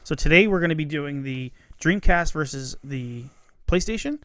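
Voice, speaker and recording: A playful man in his thirties co-hosts a casual chat show, his voice sitting a bit high for a man. He rattles off lists with plenty of laughs. The recording is dry and close, with no room around it. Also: expressive, moderate pace, a bit bright, no echo. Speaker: podcast co-host.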